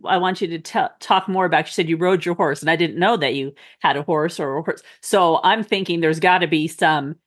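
Gentle, affirming woman podcast host. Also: on the low side. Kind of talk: empathetic interviewing.

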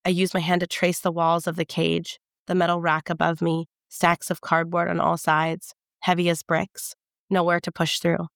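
A woman giving a measured, intimate first-person audiobook narration. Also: lowish voice, completely flat delivery, creaky, no room sound, studio quality.

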